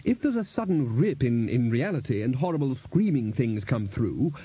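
A man's voice: medium pitch, sing-song, normal speed, dark tone, breathy edge, dry recording. A man voicing a hearty, absent-minded elderly male wizard leader in an audiobook reading. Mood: blustering.

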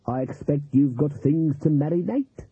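Missus Gogol, a man doing a slow growling voodoo woman. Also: a little high, breathy edge, no echo. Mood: knowing. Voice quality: rolling growl. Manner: slow drawling speech with folksy grammar. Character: older female voodoo cook, slow and knowing. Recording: tinny, phone-like, dry audio.

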